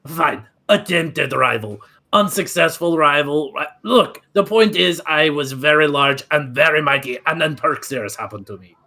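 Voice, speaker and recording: A man putting on a boastful, self-adoring minotaur from a comic tabletop game, swooping all over the place as he declaims. The voice is bright and a little husky, with lofty theatrical airs. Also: fairly high pitch, animated, normal speed, few pauses, heavily acted. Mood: pompous. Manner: grandiose storyteller, theatrical. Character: pompous vain male minotaur, severed head. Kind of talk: comic tabletop role-play.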